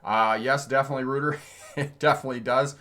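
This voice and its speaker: A male driving instructor hosts a casual livestream, with a voice that sits in an ordinary middle pitch. He tells stories from the road and answers viewers' comments, breaking into laughter mid-sentence. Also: steady tone, fast, pushed and bright. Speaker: driving instructor and channel host.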